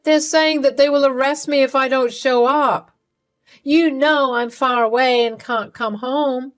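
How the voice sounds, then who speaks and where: A woman's voice: animated, unhurried, close to an everyday voice. A woman reading a story aloud, voicing a thieving, scheming older mother-in-law in a scornful tone. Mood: panicked. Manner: scornful, then pleading and shrill.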